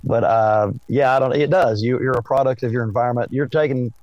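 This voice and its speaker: A man with an Appalachian Southern accent, a history teacher speaking as a podcast guest in a slow, melodic storytelling way. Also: medium pitch, steady tone, darkish tone, no echo, dull audio. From East Tennessee. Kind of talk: casual interview chat.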